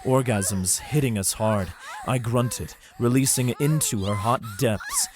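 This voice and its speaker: A man's voice: medium pitch, wildly swooping pitch, takes it slowly, background noise. A man narrating an adult fantasy audiobook in the first person, reading steadily.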